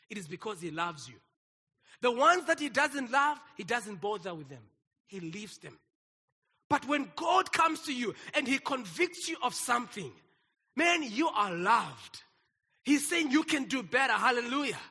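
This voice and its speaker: High, bright-voiced pastor preaching. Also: male voice, slightly rough, big-room sound. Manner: exclaims and calls out to the congregation. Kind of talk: sermon.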